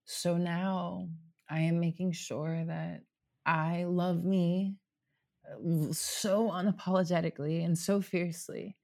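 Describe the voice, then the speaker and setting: A man in his thirties, guesting from his home apartment, rambles candidly and at length, peppering his heartfelt talk with "like" and casual cursing. His voice is high and slow, with a level tone, vocal fry, and a slightly mellow quality.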